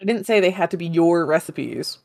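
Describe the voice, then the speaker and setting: Teasing woman with a lowish voice, dry. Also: expressive, a little fast, gravelly, darkish tone, no room sound. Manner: teasing, sarcastic. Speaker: podcast co-host. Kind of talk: casual chat.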